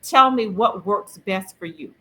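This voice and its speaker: A middle-aged woman hosting a podcast over a video call, animated and playful, laughing often and talking in a colloquial way. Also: medium pitch, measured pace, husky, low-quality recording. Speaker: podcast host. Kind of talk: lively conversational podcast hosting.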